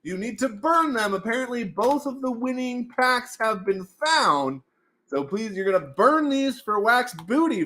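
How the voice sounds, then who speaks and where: A man hosting a casual livestream at home, running prize wheel spins in a goofy, animated way and slipping into silly voices. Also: high-pitched. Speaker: livestream host running giveaways.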